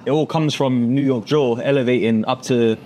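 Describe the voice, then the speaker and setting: A man's voice: mid-range voice, normal speed, a little hiss or hum. A man from England, hosting a podcast and telling stories in casual, slangy chat. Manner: animated storytelling with London slang, puts on voices for quotes. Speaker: podcast host.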